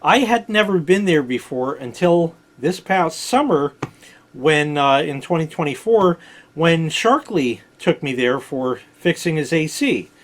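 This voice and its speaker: Middle-aged New York man, blunt digressive storyteller, high animated voice. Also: measured pace. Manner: blunt, digressive, swears freely. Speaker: vlog host telling stories. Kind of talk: rambling casual storytelling.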